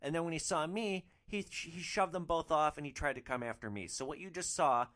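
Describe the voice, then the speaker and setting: A man's voice: on the high side, brisk, a bit bright, pitched above the performer's own voice, natural voice. A man voicing a fed-up young woman passenger who scolds sharply. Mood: rueful.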